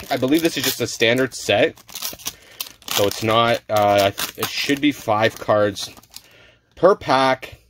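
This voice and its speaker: A man's voice: medium pitch, slow, long pauses, a bit bright, a little hiss or hum. A man hosting a card-opening video, chatting casually and stumbling over names as he goes. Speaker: card-opening channel host. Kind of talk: casual unboxing chat.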